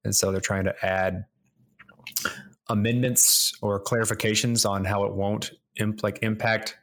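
A man's voice: on the low side, flat delivery, a little slow, fairly bright tone. A man co-hosting a casual podcast, explaining things at length with some rambling. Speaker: podcast co-host. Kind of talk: casual roundtable chat.

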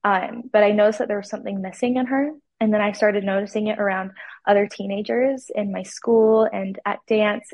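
A woman's voice: medium pitch, vocal fry, no echo, dull audio. A teenage girl from Utah, a pageant titleholder, telling her story with enthusiasm in a casual interview. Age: teens.

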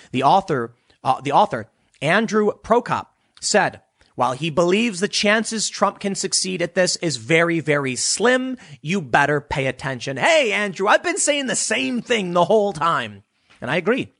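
Male commentary host, lively swinging pitch, sarcastic delivery, dry close-mic sound. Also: measured pace, no room sound. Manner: animated, sarcastic, mocking voices of opponents. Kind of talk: solo political commentary.

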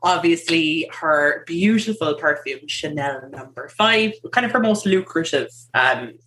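A woman's voice: deep voice, expressive, a little slow, fairly bright tone, a little hiss or hum. A woman hosting a casual podcast, chatty and giggly, presenting her research with lots of fillers.

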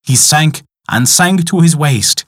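A man narrating a folk tale in an expressive, dramatic storytelling style. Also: on the high side, slow, husky, no room sound, clean studio sound.

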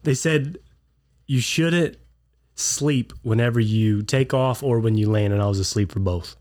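A man's voice: medium pitch, measured pace, a little mellow. A man co-hosting a casual podcast, stuffed up from a clogged ear, telling stories and acting out what people said. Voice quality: congested. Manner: storytelling, acts out quotes. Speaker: podcast co-host. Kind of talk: casual chat.

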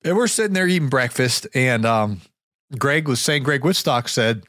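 A man's voice: medium pitch, expressive, normal speed, fairly bright tone, no room sound, studio quality. A man hosting a podcast, telling a rambling story while getting over a sore throat with a cough drop in his mouth. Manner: rambling, many restarts and fillers. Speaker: podcast host. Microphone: podcast mic.

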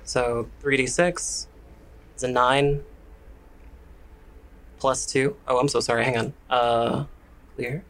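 Male game master, gravelly and bright, hesitant rule-explainer. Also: mid-range voice, fairly even intonation, takes it slowly, pauses often, rough recording. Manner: explanatory, hesitant with many fillers. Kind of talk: narrating a tabletop game.

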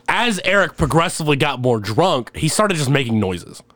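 A man's voice: medium pitch, unhurried, a crowd in the background. Rambling, laughing young man. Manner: rambling, laughs often, animated when telling stories. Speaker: podcast guest. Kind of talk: casual storytelling chat.

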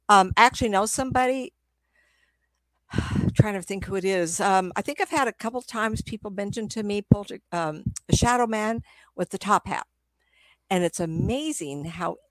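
A woman's voice: mid-range voice, no room sound. A middle-aged woman, a psychic medium, telling stories in a casual, rambling way, often laughing. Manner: rambling, laughs often, acts out quoted voices. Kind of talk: casual storytelling talk.

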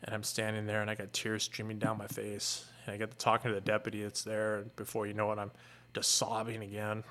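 A middle-aged man, a fire captain, earnestly retelling a painful personal story in a candid, halting way. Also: fairly low pitch, monotone, a bit bright.

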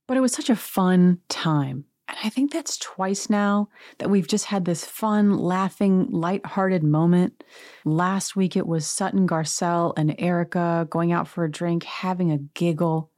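A woman's voice: on the low side, unhurried, a little mellow, no echo, studio quality. A woman hosting a podcast, recapping reality TV in a chatty, gossipy, wry way. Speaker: podcast host.

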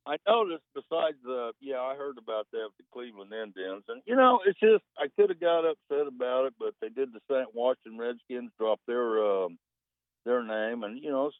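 A man's voice: medium pitch, animated, moderate pace. A man calling in to a talk radio show, rambling and wry. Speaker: caller. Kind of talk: phone-in chat. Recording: tinny phone line.

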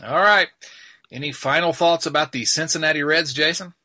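A man's voice: fairly high pitch, normal speed, pushed and bright. A man hosting a casual sports podcast, joking, laughing at himself and rambling through asides. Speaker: podcast host.

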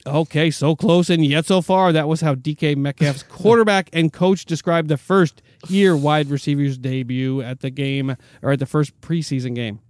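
A young adult man hosting a sports chat, reading team news haltingly with many fillers and repeated words. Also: fairly high pitch, steady tone, darkish tone, no echo.

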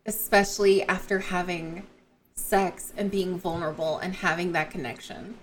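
A woman co-hosting a book podcast, casually retelling and discussing the plot in an unhurried way. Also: lowish voice, steady tone, slight background noise. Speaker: podcast co-host.

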